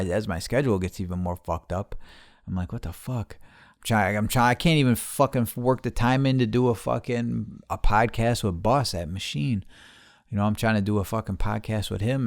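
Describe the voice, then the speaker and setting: A man's voice: fairly low pitch, no room sound, clean studio sound. A man hosting a casual solo podcast from his garage, rambling and swearing freely while poking fun at himself. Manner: rambling, profane, self-mocking. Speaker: podcast host.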